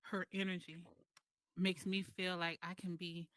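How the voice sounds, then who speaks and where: Heartfelt woman with a slightly low voice. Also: flat delivery, a bit bright, no room sound. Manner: heartfelt, slow and emphatic, pausing between phrases. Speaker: guest speaker. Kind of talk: emotional personal testimony in group voice chat. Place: online voice chat server.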